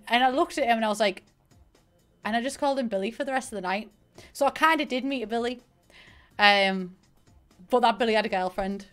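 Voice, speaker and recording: A young woman from northeast England, speaking with a Northeast English accent, chats casually on a gaming stream, rambling through a story and thanking her viewers. Her voice is fairly high, a little fast and a bit bright. Faint piano music plays in the background.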